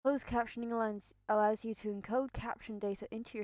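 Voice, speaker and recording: A woman's voice: a little high, fairly even intonation, fairly quick, hardly any pauses, darkish tone, no room sound, studio quality. A young woman streaming live, chatting in a rambling, nervous way, repeating herself and swearing, a bit out of breath. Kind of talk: casual live-stream chat.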